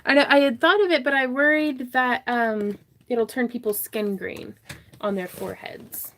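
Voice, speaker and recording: A woman's voice: a little high, fairly even intonation, normal speed, fairly bright tone, a little hiss or hum. A woman hosting a casual craft livestream from her home craft room, chatting, laughing often and reading viewer comments aloud.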